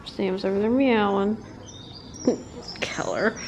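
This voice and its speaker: A woman talking to her cats at home in a cooing, affectionate way, with soft laughs. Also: fairly low pitch, takes it slowly, creaky, long pauses, lo-fi sound, slight background noise. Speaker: cat channel host. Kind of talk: casual talk to her cats.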